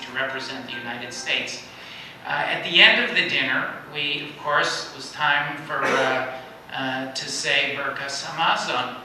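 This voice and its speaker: A man's voice: a little high, sharp tone. A middle-aged man giving a storytelling talk at a synagogue, acting out quoted voices with animation. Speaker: guest speaker. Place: synagogue hall. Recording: echoey hall, distant mic, faint noise.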